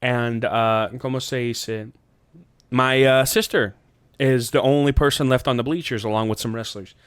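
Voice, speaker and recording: A man tells a long, meandering story on a podcast, swearing freely and popping into high voices when he quotes people. His voice is smooth and clear. The sound is dry and close. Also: steady tone, normal speed, dry recording. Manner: rambling, profane, jumps into high voices quoting people. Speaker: podcast host. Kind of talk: casual storytelling chat.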